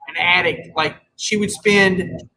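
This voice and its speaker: A man's voice: high voice, fairly even intonation, takes it slowly, a crowd in the background, rough recording. A man hosting a casual chat show, telling wry stories and acting out quoted back-and-forth. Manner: storytelling, wry, acts out quoted dialogue. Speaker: podcast host.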